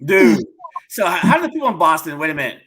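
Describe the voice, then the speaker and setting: A man's voice: on the high side, very animated, fairly bright tone, husky. A man guesting on a livestream, chatting casually with jokes and laughter. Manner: joking, laughing, quick asides. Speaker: guest YouTuber.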